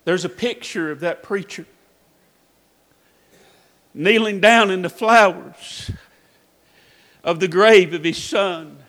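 A man preaching a sermon, telling a story dramatically, his voice swinging from hushed to shouting. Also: high-pitched, takes it slowly, long pauses. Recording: echoey hall reverb.

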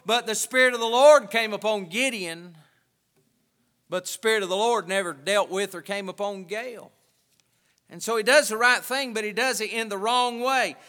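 A man preaching a sermon with emphatic delivery, pausing and restarting often. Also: extremely high pitch, sharp tone, in a large hall.

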